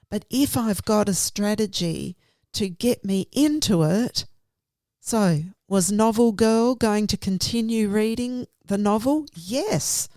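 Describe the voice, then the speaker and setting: Slow-spoken woman teacher, reflective. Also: medium pitch, mellow, dry recording, clean studio sound. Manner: reflective, explains step by step. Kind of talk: professional conversation about teaching.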